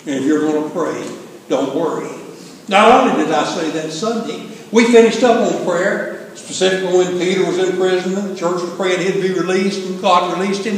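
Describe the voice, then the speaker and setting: High-voiced older preacher. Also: male voice. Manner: folksy, humorous storytelling. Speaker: pastor. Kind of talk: sermon. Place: church sanctuary. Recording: echoey hall from far off, faint hiss.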